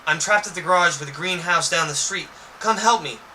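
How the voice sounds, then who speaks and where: A man doing a shrill, panicky kid. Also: brisk, sharp tone. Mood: panicked. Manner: shrill, pleading, frantic. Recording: distant mic with faint noise.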